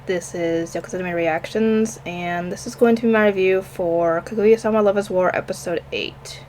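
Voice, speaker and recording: A woman's voice: lowish voice, steady tone, normal speed, darkish tone, slight background noise. A woman talking casually on her own about an anime episode, rambling and often stopping to search for names. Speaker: anime reviewer. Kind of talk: casual solo review.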